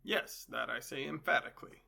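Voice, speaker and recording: A man's voice: mid-range voice, lively intonation, normal speed, gravelly, pushed and bright, husky, exaggerated voice. A man voicing a reckless young male accuser who gives curt, insistent answers.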